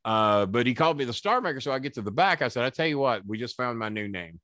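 Guy telling wrestling stories, swears a lot, does everyone's lines, dry close sound, mid pitch. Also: fast, no room sound. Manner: profane, animated storyteller who acts out quoted people. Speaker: guest, former wrestling manager. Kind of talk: storytelling in a podcast interview.

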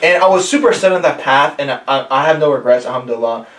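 A man's voice: mid-range voice, animated, quick pace, fairly bright tone, roomy sound, distant mic. A man in his twenties hosting a casual podcast, talking in a laid-back, rambling way with many fillers. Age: 20s. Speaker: podcast host. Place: room shared with guests.

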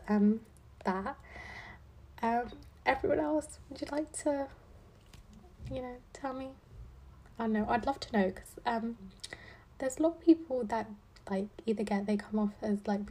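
A husky, dark-toned, mid-range voice belongs to this podcast host, a law student in her twenties. Her casual chat rambles along, heavy on "like" and "um," and sprinkled with playful, dry sarcasm.

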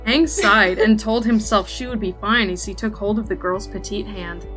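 A woman's voice: medium pitch, moderate pace, a bit bright, soft background music. A woman co-hosting a podcast, reading fan fiction aloud for comedy. She is amused, laughs often and sometimes stumbles on the lines. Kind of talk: comic read-aloud with banter.

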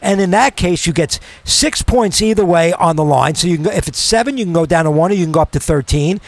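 New guy on sports radio, high voice that jumps all over, arguing his point, dry sound. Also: expressive, quick pace, dry recording. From New York. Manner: opinionated, emphatic, argumentative. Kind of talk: casual sports talk.

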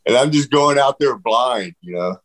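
Animated man telling a story. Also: medium pitch, normal speed, rough recording. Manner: animated, swears freely, acts out quotes. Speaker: guest. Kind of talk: casual storytelling interview.

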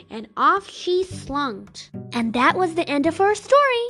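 A woman reading folktales aloud as a storyteller, gentle and expressive. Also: very high voice, a little slow, few pauses, faint music behind.

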